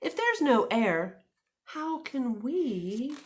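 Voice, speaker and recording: A woman doing a slow, puzzled cow. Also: on the high side, sing-song, voice pushed up, full character voice.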